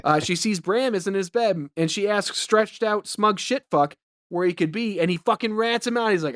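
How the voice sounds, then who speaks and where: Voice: medium pitch, normal speed, fairly bright tone, no echo. A podcast co-host recapping a horror film in a loose, profane ramble, often exasperated by the script. The mic is dry and close, with no room sound at all. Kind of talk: casual chat.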